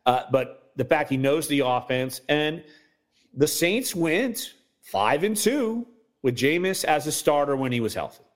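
A sports writer appears as a podcast guest, breaking down football in casual conversation. His voice is a little high and animated, his pace measured, and he hedges constantly, full of fillers and restarts.

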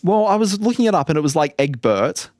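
Guy co-hosting a podcast, pitch all over the place, laughs a lot, dry close sound. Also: fast talker, dry recording. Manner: animated, laughs often, lively pitch swings. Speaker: podcast co-host. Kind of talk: casual chat.

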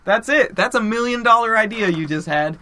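A young man co-hosting a podcast in casual chat, sarcastic and quick to laugh. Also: high voice, animated, sharp tone, slight background noise. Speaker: podcast co-host.

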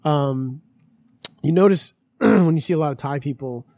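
A man with a mellow, slightly higher voice, telling stories in a relaxed, crude way. He laughs easily and swears freely. The sound is close and dry. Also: normal speed, no room sound. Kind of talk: casual crude chat.

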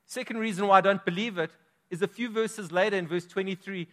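A man's voice: sits high, steady tone, a little fast, bright, forceful tone. A man preaching a sermon as pastor, emphatic, with his volume swelling and dropping. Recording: long reverb of a large hall.

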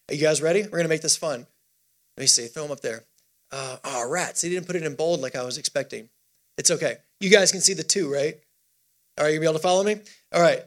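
A man preaching as a youth pastor, energetic and exhorting, leading a congregation through a call-and-response scripture reading. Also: high-pitched. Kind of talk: sermon.

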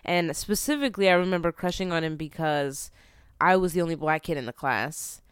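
A woman's voice: low-pitched, animated, fairly quick, clear, resonant tone, dry recording, clean studio sound. A young woman, a comedian, chatting playfully as a podcast guest. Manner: playful, joking. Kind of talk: casual interview chat.

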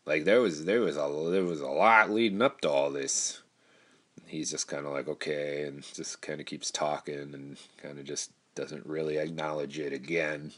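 A man's voice: extremely low pitch, fairly even intonation, normal speed, a bit bright. A young man telling a personal story in a casual, rambling, candid way, with frequent restarts and the odd curse word. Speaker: storyteller recounting personal experience.

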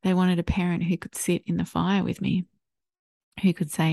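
A woman hosting a solo parenting podcast, speaking in a gentle, reflective way and inviting the listener to imagine. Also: on the low side, little pitch movement, normal speed, creaky, dry recording, clean studio sound. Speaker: podcast host.

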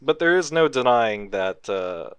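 A man's voice: mid-range voice, lively intonation, unhurried, fairly bright tone, smooth, no echo. A young man co-hosting a casual podcast chat, talking loosely, swearing and laughing often. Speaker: podcast co-host.

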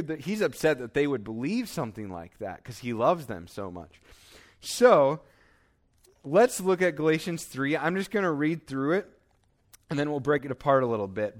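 A man preaching to his congregation in a medium-pitched voice. He tells stories by acting out both sides of the dialogue, then reads scripture aloud and explains it plainly. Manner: storytelling with acted-out dialogue and scripture reading. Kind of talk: sermon.

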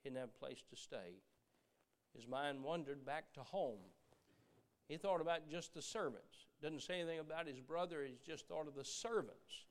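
Earnest preacher man with a fairly high voice. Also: normal speed. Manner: earnest, stammers and repeats words, swings from loud emphasis to hushed. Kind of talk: sermon.

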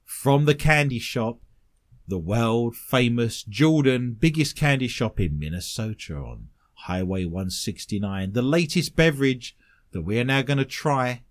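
A man's voice: medium pitch, animated. A man hosting a comedy podcast, stretching words out for dramatic effect. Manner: theatrical, drawn-out dramatic delivery. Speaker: host.

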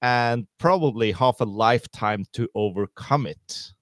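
A man co-hosting a podcast, talking in a measured, reflective, wry way. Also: mid-range voice, no echo, studio quality. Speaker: podcast co-host. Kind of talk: casual podcast discussion.

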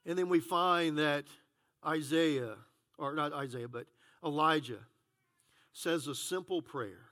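A man's voice: fairly high pitch, takes it slowly, long pauses, pushed and bright. A man preaching a conversational sermon as pastor, full of "uh, you know" fillers.

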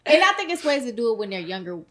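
A woman's voice: on the high side, big pitch swings, racing, a bit bright. A woman who is a godmother, speaking firmly as she tells a story in a casual chat. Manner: firm, storytelling.

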